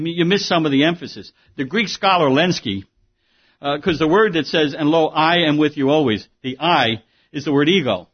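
Husky emphatic male preacher, lo-fi. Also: a little high. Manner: emphatic, conversational preaching with asides and rhetorical questions. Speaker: pastor. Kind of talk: sermon.

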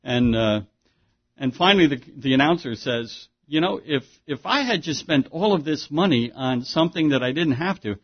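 A man's voice: on the high side, husky. A man preaching a sermon as pastor, in a conversational way with rhetorical questions and frequent restarts. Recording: dull lo-fi sermon recording.

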